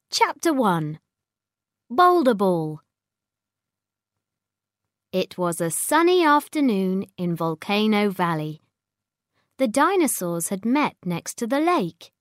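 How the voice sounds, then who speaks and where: Storyteller: woman reading to children, slow and expressive, dry close sound. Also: mid-range voice, dry recording.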